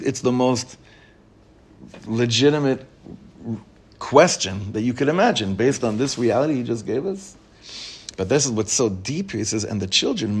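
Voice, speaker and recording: A rabbi teaching his class, a man with a mid-range voice who reads a passage aloud and then unpacks it line by line. His pitch climbs as he reads out excited questions, then sinks low and quiet when he explains a word. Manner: animated, pitch rising when reading children's excited questions. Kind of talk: Torah lesson.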